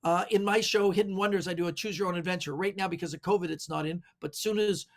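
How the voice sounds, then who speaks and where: A middle-aged man, a magician guest, telling animated anecdotes with lots of fillers. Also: high-pitched, quick pace. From Canada. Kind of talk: storytelling interview answers.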